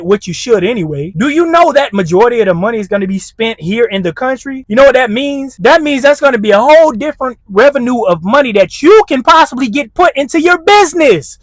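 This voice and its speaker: A man's voice: very high-pitched, dry recording. A man hosting a reaction commentary, blunt and heated, with street slang. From United States. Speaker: commentary channel host.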